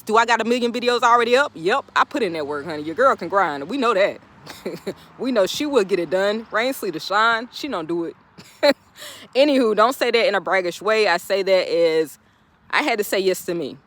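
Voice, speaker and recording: A woman motivational speaker, talking outdoors in an animated, laughing vlog pep talk. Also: medium pitch, no room sound. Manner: animated, laughing often, talking straight to viewers. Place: outdoors, birds in background.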